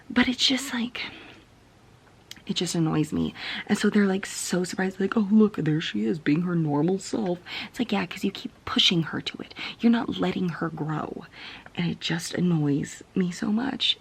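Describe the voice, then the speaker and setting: A woman's voice: on the low side, gravelly, breathy edge. A young woman vlogging about a book she is reading, tired and venting in a frustrated, often whispered late-night rant. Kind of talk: casual reading vlog.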